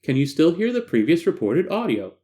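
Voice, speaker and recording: A man voicing a calm, detached male doctor who gives formal, flat instructions. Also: on the high side, brisk. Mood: clinical.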